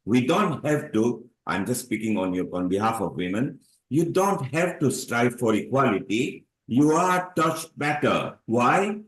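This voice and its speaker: A man hosts an online panel and speaks with effusive praise for his guest. His voice sits at a middle pitch. It rings in an echoey room over a call. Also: very animated, measured pace, hardly any pauses. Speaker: host. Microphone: video call.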